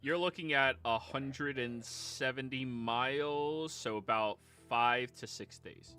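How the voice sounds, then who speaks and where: A man's voice: mid-range voice, slow, bright, forceful tone, smooth, faint music behind. A man running a tabletop game as game master, dry and matter-of-fact.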